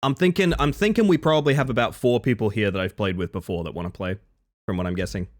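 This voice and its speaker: A man live-streaming, chatting casually with viewers, reading their messages and answering them by name, jumping from excited high yelps to low mutters. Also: quick pace. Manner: reads chat aloud and answers viewers by name.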